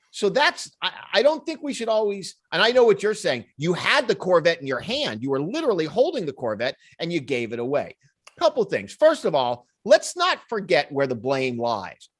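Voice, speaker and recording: A man co-hosting a podcast in casual chat, his pitch swinging widely as he spins out hypotheticals. He is an animated storyteller who laughs easily and slips into the voices of the people in his stories. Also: moderate pace. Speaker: podcast co-host.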